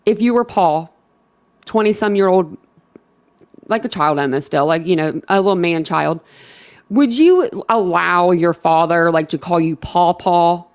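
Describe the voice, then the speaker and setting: Woman host, casual livestream chatter, emphatic and animated, repeats herself for effect. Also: lowish voice, unhurried. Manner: laughing, animated, emphatic repetition.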